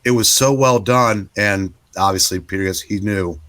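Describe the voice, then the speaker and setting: A man in his sixties, co-hosting a comic book podcast, retelling a story at length in a relaxed, casual way. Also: lowish voice, moderate pace. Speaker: podcast co-host.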